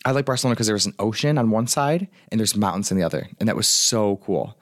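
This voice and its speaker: A young American life coach talks casually and on his own from his apartment, rambling with lots of fillers. His voice is lowish and he speaks fast, captured in a dry, studio-quality recording.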